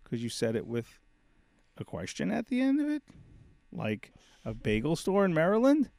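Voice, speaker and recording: A man's voice: fairly high pitch, wildly swooping pitch, normal speed, gravelly, a little mellow, no echo. A middle-aged man co-hosting a podcast in casual chat, joking and teasing, and swearing freely. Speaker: podcast co-host.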